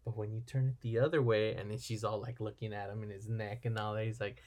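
A man's voice: fairly low pitch, level tone, fast, darkish tone. A man chatting casually as a podcast co-host, retelling a film plot in a rambling way and acting out the characters' lines. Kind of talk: casual movie recap chat.

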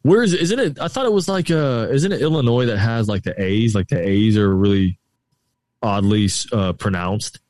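A man's voice: lowish voice, expressive, moderate pace, darkish tone, no room sound. A man from the Tampa Bay area of Florida, hosting a casual podcast chat in a loose, joking way. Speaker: podcast host.

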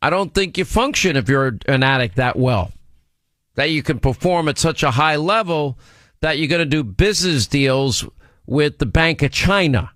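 A man hosting a political talk radio show, pressing his points with emphasis and wandering between them. His voice sits slightly high for a man. The studio sound is close and dry. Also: animated, moderate pace, fairly bright tone, no echo. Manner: emphatic, digressive, teasing banter.

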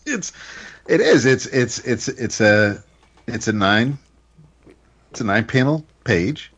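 A man co-hosting a casual podcast chat, rambling and repeating words, with a husky voice. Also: mid-range voice, expressive, slow, fairly bright tone, muffled recording. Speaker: podcast co-host.

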